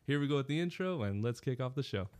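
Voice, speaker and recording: A man co-hosting a podcast, telling stories in a casual, animated way and laughing often. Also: medium pitch, quick pace, smooth, faint music behind. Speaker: podcast co-host. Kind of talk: casual chat.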